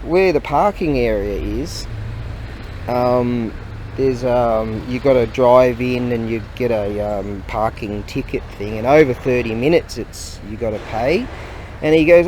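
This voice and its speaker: A man's voice: medium pitch, normal speed, darkish tone, a little hiss or hum. A man chatting casually outdoors near a hardware store, rambling and laughing often. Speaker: vlogger and online seller. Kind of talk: casual chat.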